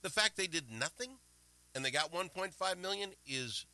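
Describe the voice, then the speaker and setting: A man hosting a casual political talk radio show, animated and indignant, swinging between loud outbursts and quiet asides. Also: high voice, normal speed, low-quality recording. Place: Minnesota.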